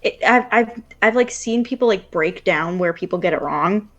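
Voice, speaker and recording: A woman's voice: medium pitch, lively intonation, moderate pace, muffled recording. A woman from Wisconsin with a Wisconsin accent, chatting casually on a livestream, full of fillers and easy laughter.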